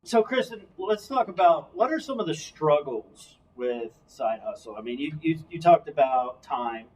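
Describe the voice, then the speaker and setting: A man's voice: fairly high pitch, expressive, normal speed, darkish tone. A man hosting a casual talk show, chatting with his guest and reading out announcements. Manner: conversational, reads out announcements. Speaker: host. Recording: distant mic with faint background noise.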